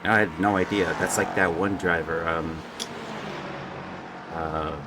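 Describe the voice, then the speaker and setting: A man's voice: low-pitched, steady tone, takes it slowly, very noisy. A young man giving casual, joking live commentary on a sim race and stumbling over drivers' names.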